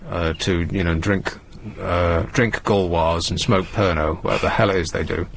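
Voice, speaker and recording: A man's voice: low-pitched, moderate pace, gravelly, slightly rough. A man from England hosting a radio show, telling rambling, jokey stories in casual chat. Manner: rambling, jokey, animated storytelling. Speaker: radio host.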